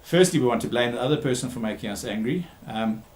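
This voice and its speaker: A man who works as a therapist gives a recorded talk, speaking emphatically, repeating key words and pausing with frequent ums. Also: mid-range voice, animated, roomy sound. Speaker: therapist giving a talk series.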